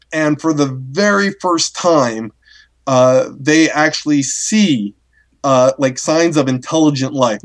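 A man with a somewhat high voice talks through a story in relaxed chat. He hesitates often, restarting sentences and filling gaps with "uh". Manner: hesitant, many fillers and restarts. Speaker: podcast co-host discussing a story. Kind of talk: casual chat.

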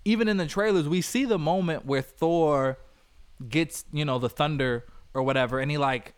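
A man co-hosting a casual movie review podcast, talking in an animated way, laughing often and acting out lines from scenes. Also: a little high, normal speed, clean tone, no room sound. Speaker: podcast co-host.

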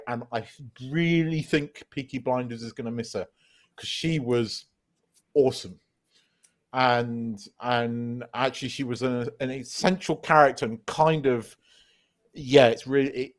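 A man co-hosting a podcast, chatting casually and retelling scenes with lots of laughter. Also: medium pitch. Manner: animated, laughing storyteller. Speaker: podcast co-host. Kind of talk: casual chat.

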